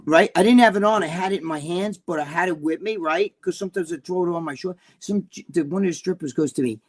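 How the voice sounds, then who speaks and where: A man's voice: sits high, quick pace. A man with a New Jersey accent, co-hosting a casual chat, blunt and profane, rambling with lots of fillers. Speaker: bodybuilding personality, co-host.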